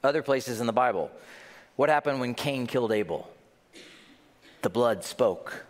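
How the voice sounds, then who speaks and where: A man's voice: mid-range voice, animated, measured pace, big-room sound. A man preaching a sermon, asking rhetorical questions and joking with his congregation. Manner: jokes with the congregation. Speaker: pastor.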